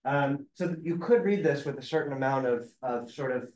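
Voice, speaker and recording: A rabbi leads a conversational text study class, thoughtfully explaining passages and reading them aloud. His mid-range, darkish voice moves at normal speed, captured by a distant mic in a roomy space.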